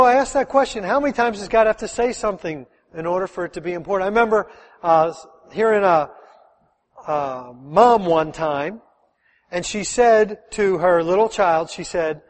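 A middle-aged pastor preaches with a high, lifted voice, tossing rhetorical questions at his congregation in an easy, animated way. His words ring out with the long reverb of a large church hall. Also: moderate pace. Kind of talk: sermon.

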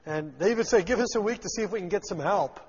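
A man's voice: high voice, fast, a little mellow, husky. A man teaching a Bible passage verse by verse, reading the old text and then retelling it in everyday words with voiced lines for the people in it. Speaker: preacher teaching scripture. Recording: dull lo-fi sound with long hall reverb.

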